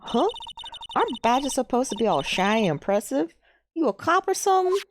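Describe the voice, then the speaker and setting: A woman's voice: high-pitched, big pitch swings, brisk, a little hiss or hum, voice pushed up. A woman voicing a brash young country photographer with a put-on American Southern drawl, folksy and teasing.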